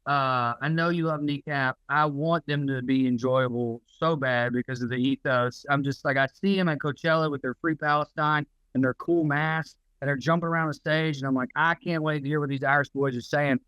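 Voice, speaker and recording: Guy ranting on a podcast, swears a lot, kinda high voice, dry room. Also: normal speed, hardly any pauses, clear, resonant tone, no echo, dull audio. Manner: profane, ranting, animated. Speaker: podcast co-host. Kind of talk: casual chat.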